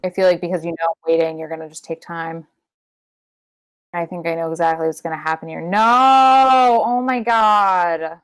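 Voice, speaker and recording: A woman co-hosting a podcast, recapping a wrestling show in casual chat, swearing freely and leaping into high-pitched impressions. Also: fast, long pauses, no room sound. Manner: animated, profane, jumps into high-pitched impressions. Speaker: podcast co-host.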